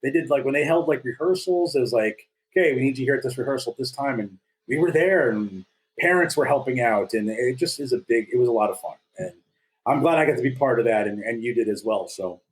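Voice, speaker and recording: A man's voice: medium pitch, animated, brisk, slight background noise, low-quality recording. A man around fifty from North Dakota, co-hosting a podcast in casual chat, telling stories in a jokey, self-deprecating way. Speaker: podcast co-host.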